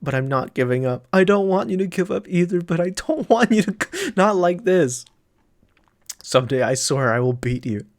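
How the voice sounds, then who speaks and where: A man's voice: high-pitched, animated, moderate pace, no echo, clean studio sound, pitched above the performer's own voice. Man voicing a young earnest comic-book hero, his own voice lifted a touch. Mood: defiant. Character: young hopeful male hero, desperate.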